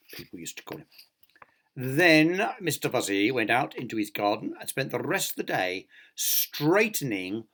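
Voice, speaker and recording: A man's voice: medium pitch, a bit bright. Man reading a storybook with a swooping voice. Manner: chatty asides to young listeners. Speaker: teacher. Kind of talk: reading a picture book aloud to children.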